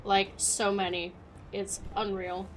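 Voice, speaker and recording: A woman's voice: mid-range voice, flat delivery, slow pace, over loud music. A woman in her thirties from Canada with an accent blending Canadian and British, chatting casually with viewers while streaming a game. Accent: Canadian mixed with British. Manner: chatty, rambling, laughs often. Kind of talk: casual gameplay chat with viewers.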